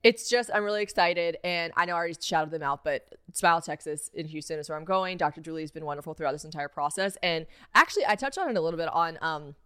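A woman's voice: deep voice, a bit bright, smooth, no room sound, studio quality. Giggly young woman podcast host. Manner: giggly, fast storytelling with acted quotes. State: temporary veneers, talking a little differently. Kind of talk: casual chat.

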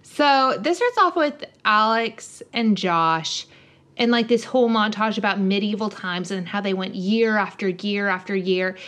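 A podcast co-host with a medium-pitched voice animatedly recaps a show in casual chat, acting out the characters' lines in quick voices.

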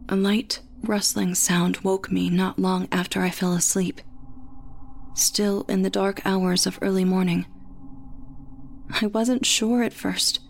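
A woman reading a first-person horror story aloud in a measured, tense way. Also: mid-range voice, darkish tone, a little hiss or hum. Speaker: narrator.

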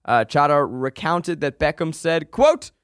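A man's voice: mid-range voice, lively intonation, normal speed, no echo. Man co-hosting, dry close sound. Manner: emphatic, storytelling, leads the segments. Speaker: podcast co-host. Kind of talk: casual movie podcast chat.

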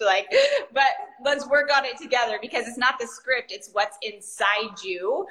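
A woman's voice: mid-range voice, brisk, pushed and bright, low-quality recording. A woman podcast host and coach in casual chat, effusive and enthusiastic, laughing easily.

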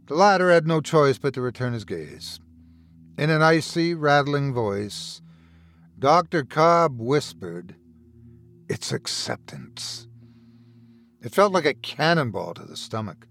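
A man reading a horror story aloud as podcast host, in a dramatic, expressive manner. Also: on the high side, a little slow. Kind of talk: scripted horror narration.

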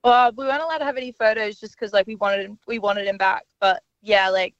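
A young woman phones in to a radio show and chats about her night, leaning on 'like'. Her line sounds dull and lo-fi, and her voice is dry and mid-pitched. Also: fairly even intonation, quick pace, no room sound. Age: young adult. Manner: chatty, says 'like' a lot. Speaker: caller. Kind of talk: phone-in chat.

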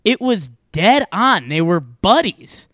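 A young man co-hosting a casual podcast, telling a story with lively energy and frequent laughs. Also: high-pitched, slow pace, dry recording, studio quality. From Connecticut, USA. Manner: animated storyteller, laughs often. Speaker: podcast co-host. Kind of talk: casual chat.

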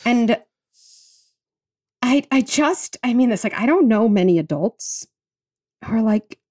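A woman's voice: a little high, lively intonation, measured pace, a little mellow. A woman psychologist talking on a podcast, earnest and reassuring, walking listeners through an exercise. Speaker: psychologist guest. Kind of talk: podcast conversation.

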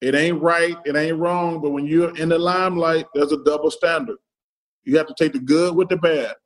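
Middle-aged man, podcast guest who tells stories in quoted dialogue, voice pitched slightly high. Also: fairly even intonation, moderate pace, low-quality recording. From Alabama, US. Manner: retells stories in quoted dialogue, keeps repeating "I said". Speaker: podcast guest, former pro athlete. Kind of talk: casual storytelling.

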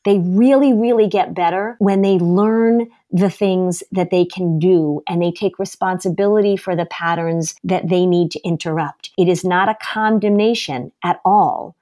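A woman's voice: fairly low pitch, moderate pace, few pauses, dark tone. A woman therapist speaking as a podcast guest, earnest and emphatic about her views. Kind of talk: podcast interview.

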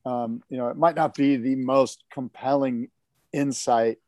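A man co-hosting a podcast, chatting casually about surfing in an animated, rambling way with many fillers. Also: mid-range voice, measured pace, dry recording, clean studio sound. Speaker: podcast co-host. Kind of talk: casual surf talk chat.

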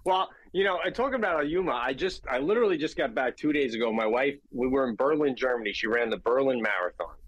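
A man's voice: medium pitch, fast talker, hardly any pauses, slightly rough, no echo, muffled recording. A man, a guest comedian telling stories animatedly in casual chat. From Long Island, New York. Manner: animated storyteller.

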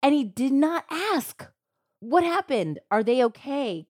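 A woman hosting a true crime podcast, retelling a case in a casual, animated way with lots of "like" fillers. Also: high voice, slow pace, no room sound, clean studio sound. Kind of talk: casual storytelling chat.

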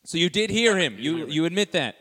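A man's voice: a little high, lively intonation, brisk, fairly bright tone, husky. A man bantering as co-host on a comedy show in a teasing, mock-formal way.

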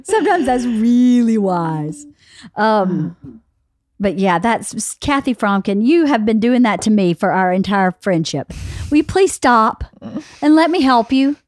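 A woman's voice: a little high, sing-song, a little slow, darkish tone, dry recording, clean studio sound. A woman hosting a podcast, chatting casually with friends in a blunt, teasing way and swearing freely. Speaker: podcast host. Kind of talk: casual chat among friends.

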